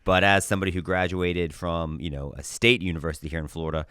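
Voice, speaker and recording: A man's voice: sits low, little pitch movement, quick pace, fairly bright tone, clear, resonant tone, no echo, clean studio sound. A man co-hosting a political podcast, explaining in a wry way and laughing at his own jokes. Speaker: podcast co-host.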